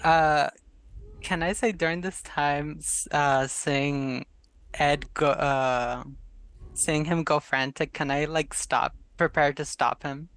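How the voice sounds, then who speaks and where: A player at a tabletop game who speaks haltingly, with fillers and restarts. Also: mid-range voice, steady tone, fairly bright tone, smooth. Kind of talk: casual game table chat.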